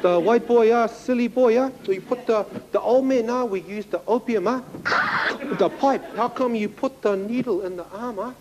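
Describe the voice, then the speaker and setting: A man doing a mocking young bar owner with broken English, his voice pushed well up into a high, needling register. He scolds and teases, ending his clipped phrases with a questioning "huh?", over a faint hum. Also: moderate pace, lo-fi sound, a crowd in the background.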